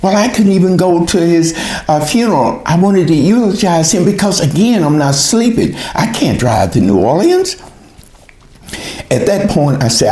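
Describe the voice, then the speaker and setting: A man's voice: high voice, sing-song, normal speed, dark tone. A man giving an earnest, emotional personal testimony, retelling his own pleas to God in quoted speech. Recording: roomy echo.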